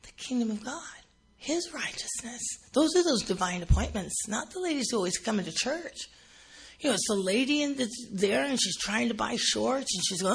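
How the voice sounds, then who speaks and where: A middle-aged woman preaching a sermon, telling animated stories and acting out gushing shoppers. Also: fairly high pitch, moderate pace, vocal fry.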